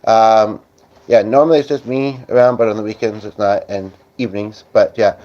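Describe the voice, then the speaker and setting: Speaking at normal speed with fairly even intonation, a Canadian livestream host rambles through viewer comments, reading them aloud with many fillers. His voice is fairly low and a little mellow, and the lo-fi recording sounds slightly dull.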